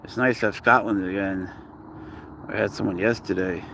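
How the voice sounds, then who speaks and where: A Canadian man hosts a pet livestream, talking casually and in slang with viewers and greeting them by where they're watching from. His tone is steady, his pace normal, and his voice creaky, though it climbs into high, playful baby talk with his pet. There's slight background noise.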